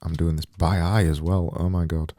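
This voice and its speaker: A man with a deep, mellow voice rambles through a livestream of his design work. He talks slowly and mutters to himself, often mocking himself. The sound is close and dry. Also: flat delivery, dry recording. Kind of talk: thinking-aloud livestream commentary.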